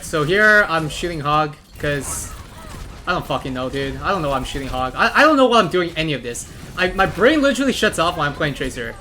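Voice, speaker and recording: A man's voice: sits high, bright, forceful tone, slight background noise. A man giving blunt, profane gameplay commentary and ranting advice about ranked play. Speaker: gaming content creator.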